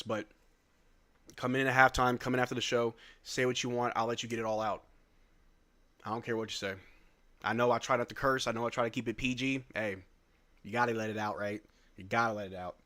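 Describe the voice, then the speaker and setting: A man's voice: medium pitch, bright, forceful tone. A man hosting a live sports stream, talking candidly and rambling to his viewers with casual slang and cursing. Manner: candid, rambling, repeats himself.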